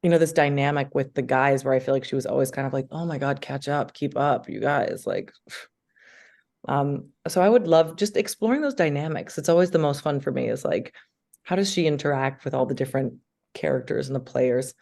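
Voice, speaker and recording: A woman, an actress, chatting eagerly as an interview guest, full of filler words and quick asides. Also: extremely low pitch, gravelly, darkish tone. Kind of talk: casual interview chat.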